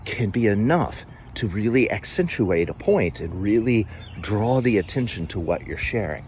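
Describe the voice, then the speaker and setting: Man, low voice, corporate trainer, emphatic, deliberate pauses, faint hiss behind. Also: big pitch swings, darkish tone. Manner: emphatic, varies volume and pauses for effect. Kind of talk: instructional talk to camera.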